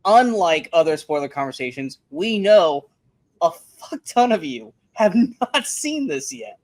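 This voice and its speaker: A man's voice: on the high side, sing-song, measured pace, darkish tone, dry recording. Profane ranting man, dry sound. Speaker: podcast co-host. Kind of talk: casual movie review chat.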